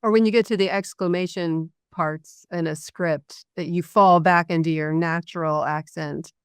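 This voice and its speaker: A woman hosting an interview, asking short questions and thanking her guest in a measured way. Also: on the low side, steady tone, clean tone, dry recording, studio quality. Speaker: host.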